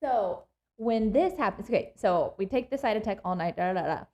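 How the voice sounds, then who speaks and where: A young woman and labor and delivery nurse, telling her birth story in casual chat, animated and laughing often. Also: mid-range voice, a little fast.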